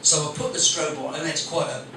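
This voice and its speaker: Blunt, crude comedian on stage. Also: male voice, fairly high pitch, fairly even intonation, brisk. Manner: blunt, crude, chatty storytelling with swearing. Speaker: stand-up comedian and compere. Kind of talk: stand-up comedy set. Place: small coffee shop venue with live audience. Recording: very echoey room recorded from a distance with background noise.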